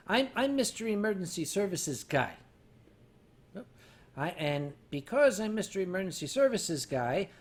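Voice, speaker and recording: Older guy streaming with a drink in hand, rambly stories, gets loud on the punchlines. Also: a little high. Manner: rambling, self-mocking, loud bursts on punchlines. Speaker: livestream host. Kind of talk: casual storytelling to a chat.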